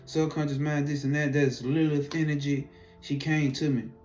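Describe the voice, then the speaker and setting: A man telling a personal spiritual story in an animated, profane, casual way, acting out his own reactions. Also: on the high side, moderate pace, soft background music.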